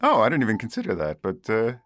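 A man's voice: on the low side, quick pace. A man hosting a podcast in casual chat, laughing often and filling with ums and likes. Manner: lively, laughs often, many fillers. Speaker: podcast host.

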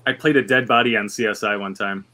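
A man's voice: fairly low pitch, fairly even intonation, fast, sharp tone. A man co-hosting a podcast, laid-back and joking in casual chat. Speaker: podcast co-host.

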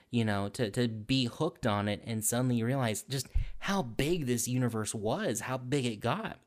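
Man, voice actor, casual testimonial, excitable and rambling, mid-pitched voice. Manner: enthusiastic, rambling, many fillers. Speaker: voice actor in an audio drama.

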